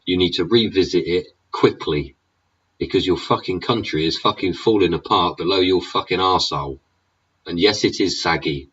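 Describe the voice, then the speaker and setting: A man's voice: low-pitched, normal speed, a bit bright, slightly rough, distant mic. An English man in a sweary, sneering political rant, throwing in "yeah?" and "innit?" as he goes. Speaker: vlogger. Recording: dull sound, away from the mic.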